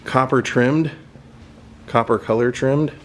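Man, vlogger, casual museum walkthrough, admiring, thinks out loud, average pitch, faint background ambience. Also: steady tone, slow, slight background noise. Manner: chatty, admiring, thinks aloud. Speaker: vlogger touring a car museum. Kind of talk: casual walking tour commentary. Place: indoor car museum.

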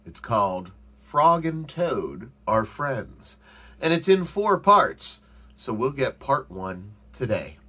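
Animated male teacher reading a storybook. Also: mid-range voice, slow pace, slightly rough. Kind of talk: storybook read-aloud for children.

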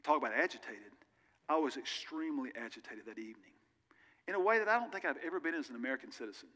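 Fast and sharp-toned, a mid-range male voice delivers an animated sermon. The pastor keeps it earnest and conversational with candid personal asides, recorded in a church sanctuary where a big hall's long reverb lingers.

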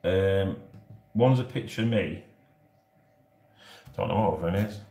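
A man's voice: deep voice, slow, warm tone. Jokey Yorkshire man chatting live. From Yorkshire, England. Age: 40s. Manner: jokey and rambling, often laughing. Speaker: live-stream host. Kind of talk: casual live-stream chat to viewers. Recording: roomy echo.

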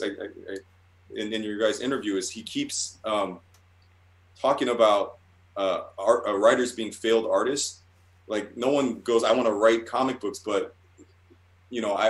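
A man, a guest cartoonist, telling loose and profane stories in a casual interview and laughing at himself. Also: fairly low pitch. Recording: roomy echoey room.

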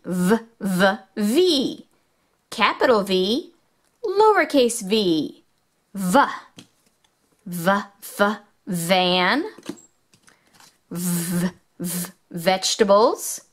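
Female host for a kids' phonics toy video: very slow, lively, bouncy delivery with excited squeals. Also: mid-range voice. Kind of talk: children's educational toy demo.

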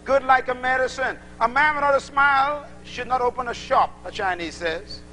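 Male preacher, animated sermon, acts out dialogues, high bright voice, faint hum. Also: normal speed, low-quality recording. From Bahamas.

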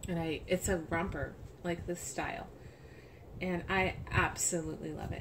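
A woman chatting casually as she unboxes a package, gushing and soft-spoken, at home. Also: fairly low pitch, normal speed. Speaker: doll collector vlogger. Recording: steady background hiss.

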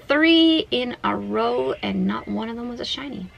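A fairly high woman's voice with a gravelly, fry-filled edge. She chats away to herself in a casual, excitable way while playing a game at home. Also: unhurried, few pauses, low-quality recording. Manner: chatty, excitable, talks to herself. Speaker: vlogger. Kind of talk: casual gaming vlog.

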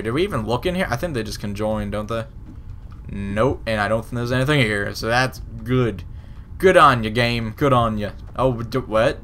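A man's voice: mid-range voice, a bit bright, slight background noise. A young man commentating his own gameplay, cursing at the game and laughing at himself. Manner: profane, frustrated, laughing at himself. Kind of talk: let's play commentary.

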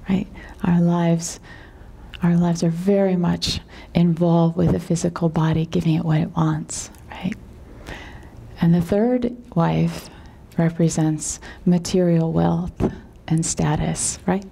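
Woman, yoga teacher, calm, unhurried, low voice, mellow, whispery at times. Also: creaky, breathy edge. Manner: calm and unhurried, slips into a whisper, often asks "right?". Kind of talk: teaching with a told parable.

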